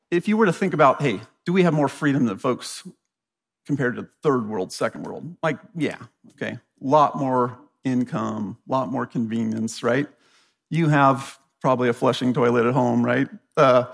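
A man's voice: mid-range voice, creaky. An American man speaking to a church crowd in a conversational sermon, often checking in with the audience with "right?". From United States. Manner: chatty, keeps asking the audience "right?".

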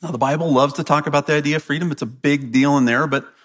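A man's voice: on the high side, fairly even intonation, fast, fairly bright tone. Chatty American man giving a sermon. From United States. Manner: chatty, keeps asking the audience "right?". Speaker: church speaker. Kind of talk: conversational sermon.

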